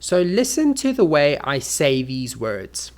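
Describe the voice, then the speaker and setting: Slow, lively English teacher. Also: mid-range voice. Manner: clear, deliberate teaching delivery with exaggerated spoken examples. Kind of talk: English lesson for learners.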